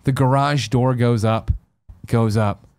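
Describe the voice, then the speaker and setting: A man's voice: mid-range voice, fairly even intonation, slow pace, darkish tone, clean tone. A man in his thirties from the American Midwest, a podcast host telling a comic story with lots of laughing and swearing.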